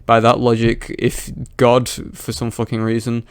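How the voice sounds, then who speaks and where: A man's voice: mid-range voice, unhurried, clean tone, no echo. A man giving sarcastic, profane commentary over a viral clip he is reacting to. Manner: mocking, profane, flat delivery.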